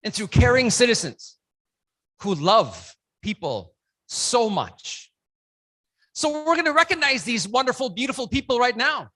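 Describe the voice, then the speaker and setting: A keynote speaker at a conference who leads the audience through call-and-response and counts, breaking into loud shouts to rouse them. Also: mid-range voice. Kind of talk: motivational speech with audience participation. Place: conference room with a live audience.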